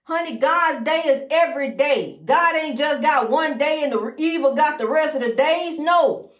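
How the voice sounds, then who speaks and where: Woman, middle-aged, high voice, folksy preachy podcast talk, echoey room. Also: animated, normal speed, hardly any pauses. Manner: folksy, preachy, calls listener honey. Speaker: podcast host. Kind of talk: casual spiritual talk. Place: indoors at a lighthouse, roomy. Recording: roomy echo.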